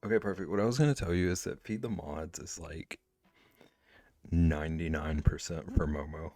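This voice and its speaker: A male livestreamer chatting casually with his viewers, laid-back and teasing, sometimes dropping to soft asides. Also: deep voice, moderate pace, no room sound.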